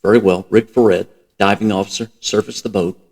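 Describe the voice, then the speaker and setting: A man voicing a calm, commanding submarine captain who gives crisp orders in a storybook reading. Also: fairly low pitch, brisk.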